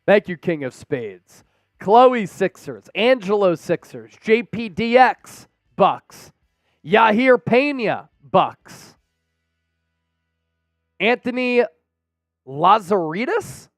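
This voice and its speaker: A young man hosting a live sports stream, calling the plays and reading out chat shout-outs with energetic, excitable bursts. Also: high voice, slow, long pauses, dry recording, studio quality.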